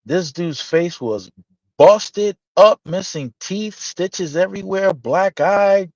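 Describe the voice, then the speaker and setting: Guy telling a wild story on a podcast, cussing, doing the voices, kinda high voice, dry muffled sound. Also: slow pace, dry recording. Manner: animated, profane storytelling with acted-out dialogue. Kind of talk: casual storytelling chat. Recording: dull, slightly lo-fi dry sound.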